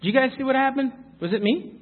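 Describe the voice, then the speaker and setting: Talking extremely fast in a very high-pitched voice, a young man gives a chatty, informal speech to young listeners, earnestly stressing his stories. The audio has a thin, phone-like quality.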